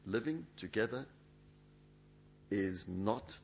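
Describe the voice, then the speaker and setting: Male preacher, dramatic sermon delivery, lively pitch. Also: takes it slowly, gravelly, slight background noise. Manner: emphatic, dramatic, acts out quoted speech. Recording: dull lo-fi sound.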